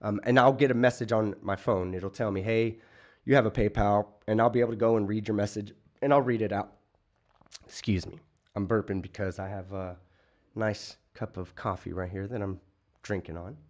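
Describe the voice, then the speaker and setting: A man's voice: fairly low pitch, steady tone, a little fast, lo-fi sound. A man hosting a late-night livestream, chatting casually and ranting with lots of profanity. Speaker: streamer host.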